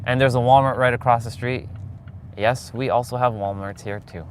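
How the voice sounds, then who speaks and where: Casting: man in his forties, rambling live-stream host, mid pitch, talking from a car with clear road noise. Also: fairly even intonation, normal speed. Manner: rambling, chatty, talks to viewers. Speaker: vlogger. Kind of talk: casual live-stream chat while driving. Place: in a car on city streets.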